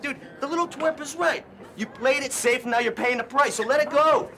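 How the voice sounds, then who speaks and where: A crude, bossy young skater lays down the law to a sulking friend in a film scene. His voice sits very high and sounds bright and edgy, and his talk is blunt and crude. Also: fairly quick, full character voice. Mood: scolding. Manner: crude, bossy, talks others down. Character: brash young male skater, blunt peacemaker. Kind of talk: film dialogue.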